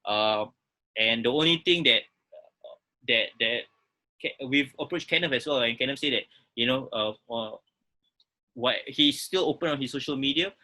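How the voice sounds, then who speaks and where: A man's voice: medium pitch, normal speed, pauses often, sharp tone. A man co-hosting a podcast, frank and rambling with lots of fillers. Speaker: podcast co-host. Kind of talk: casual podcast discussion.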